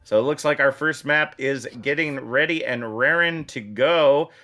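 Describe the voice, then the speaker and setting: Bright, excitable male esports caster. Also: medium pitch. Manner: quick, excitable calls with frequent fillers. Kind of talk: live play-by-play commentary.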